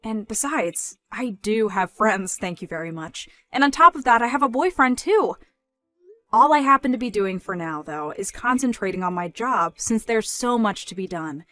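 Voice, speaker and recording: A young woman voicing an independent daughter who speaks in a measured, firm way in a scripted story dub. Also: medium pitch, animated, bright, forceful tone, soft background music.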